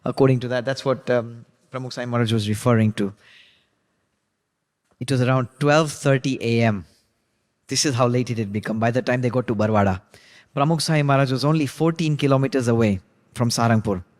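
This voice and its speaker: A man leads a class and tells a story in an easy, chatty way, often pausing on "you know." His voice sits at an ordinary middle pitch. A long reverb trails after his words, as if he is in a large hall. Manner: conversational, relaxed retelling with frequent 'you know'. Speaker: religious class teacher. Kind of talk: storytelling lesson.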